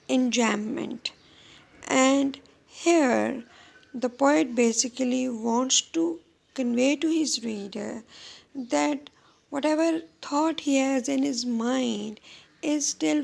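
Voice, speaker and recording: A woman teacher giving a measured explanatory lecture on poetry, pausing often between phrases. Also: high voice, creaky, darkish tone.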